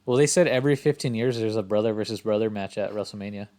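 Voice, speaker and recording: Man, low-pitched co-host; relaxed, agreeable, quick to laugh. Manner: easygoing, agrees often, laughs along. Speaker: podcast co-host. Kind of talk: casual wrestling chat. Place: around a table with co-hosts.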